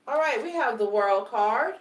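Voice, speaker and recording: A woman giving a live tarot reading, animated and repetitive, speaking straight to her audience. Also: fairly high pitch, normal speed, reverberant, distant mic, a little hiss or hum. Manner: animated, repetitive, swears casually, talks to the audience directly. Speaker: tarot reader.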